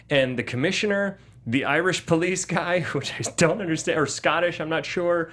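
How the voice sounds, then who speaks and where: A man's voice: fairly high pitch, normal speed, a bit bright. A man co-hosting a casual movie review podcast, recapping scenes and mimicking the characters' lines. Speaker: podcast co-host.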